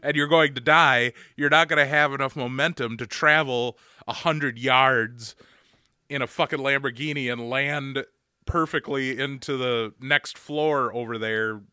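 A man in his thirties rants his way through a casual podcast chat, peppering everything with profanity and bursting into loud mock yells. His voice is bright and tense. The sound is dry and close. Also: medium pitch, steady tone, measured pace, smooth, dry recording. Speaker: podcast co-host.

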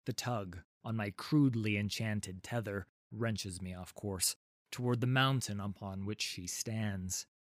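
A man giving scripted first-person narration of a fantasy story in a dramatic, measured way. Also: fairly low pitch, no room sound, clean studio sound.

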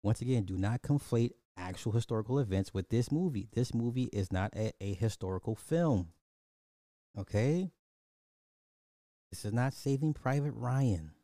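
A man giving a blunt, animated movie review in casual chat, talking straight to his viewers. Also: medium pitch, moderate pace, no echo, clean studio sound.

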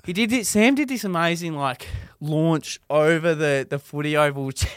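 Male podcast co-host, animated storyteller, dry close mic. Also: a little high, normal speed, smooth, no echo. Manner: animated, acts out quoted voices loudly. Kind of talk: casual chat, storytelling.

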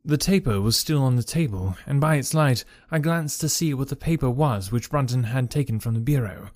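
A man reads a scripted story aloud as an audiobook narrator, in a measured, formal storytelling style. His voice is medium-pitched and a little mellow, with a dry, studio-quality recording.

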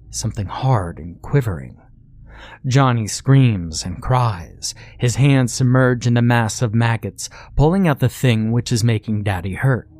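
A man narrating a horror story in a slow, grim, dramatic way. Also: lowish voice, a little mellow.

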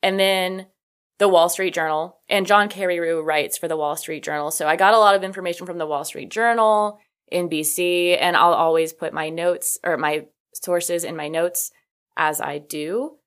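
Chatty, lower-voiced woman podcaster. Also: steady tone, moderate pace, fairly bright tone, smooth. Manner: chatty, full of "like" fillers, sassy asides. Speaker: podcast host. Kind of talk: casual podcast storytelling.

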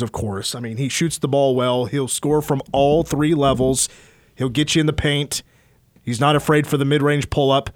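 A man's voice: medium pitch, no echo. A man on sports talk radio, breaking down a college basketball recruit in a detailed, stat-heavy, conversational way.

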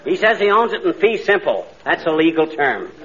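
An actor playing a brash, boastful small-town husband who blusters at the police, in 1940s radio comedy style. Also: male voice, a little high, sing-song, normal speed, noisy background. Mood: blustering. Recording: dull old radio broadcast with audience laughter.

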